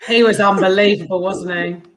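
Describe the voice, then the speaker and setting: A woman from a charity chatting on a video call, a lively storyteller who laughs easily. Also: mid-range voice, moderate pace, a crowd in the background. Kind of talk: casual chat on a video call.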